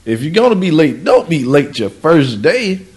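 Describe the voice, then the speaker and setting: A man's voice: on the high side, big pitch swings, normal speed. A man co-hosting a podcast, joking and profane, full of energy. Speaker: podcast co-host. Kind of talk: casual podcast chat.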